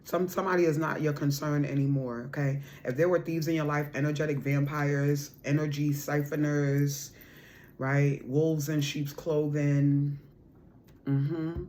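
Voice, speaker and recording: A woman's voice: low-pitched, measured pace, a little hiss or hum. A woman giving a casual spiritual card reading to her viewers, repeating her points with emphasis and calling the listener boo and honey. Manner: bursts into loud laughter and raised voice when excited.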